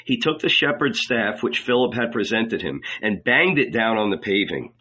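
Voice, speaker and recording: A man narrating an audiobook in a measured, deliberate reading. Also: fairly low pitch, expressive, sharp tone. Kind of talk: scripted narration. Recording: dull lo-fi recording.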